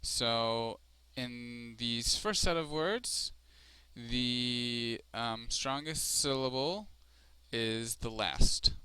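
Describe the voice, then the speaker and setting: Speaking slowly and deliberately, a male Spanish teacher explains a screencast lesson step by step, leaning on frequent ums and fillers. The voice is mid-range, bright, forceful and clean, recorded with no echo.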